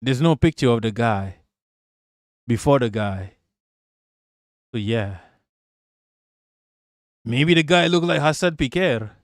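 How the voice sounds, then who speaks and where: A man's voice: medium pitch, lively intonation, slow pace, long pauses, no room sound, clean studio sound. A man streaming live, joking crudely and rambling as he reacts to clips. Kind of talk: casual live-stream commentary.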